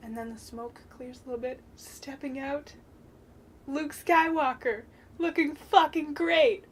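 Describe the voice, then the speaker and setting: Gushing, high-voiced young woman vlogger. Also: slow, pauses often, slight background noise. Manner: gushing, animated, swears casually, bursts into high-pitched squeals. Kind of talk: excited film review vlog.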